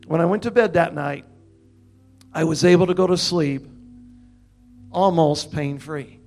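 Older guy preaching, high voice, really animated, bursts of laughing, soft music behind. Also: measured pace, pauses often. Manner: animated, swings into loud laughing and high exclamations. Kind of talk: sermon testimony.

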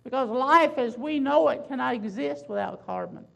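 A woman preaching a sermon, building emphasis with loud swells and slow, drawn-out phrases. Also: high-pitched, lively intonation, vocal fry, dull audio.

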